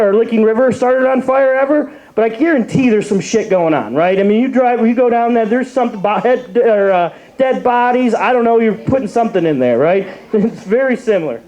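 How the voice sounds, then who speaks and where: A man's voice: very high voice, darkish tone, dull audio. A young man from Cleveland doing a rambling open mic stand-up set, full of fillers and restarts. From Cleveland, Ohio.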